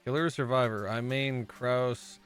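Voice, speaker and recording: A man's voice: medium pitch, steady tone, a little slow, faint music behind. A man chatting casually with viewers on a live stream, rambling and playful, often losing his train of thought. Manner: rambling, playful, easily sidetracked.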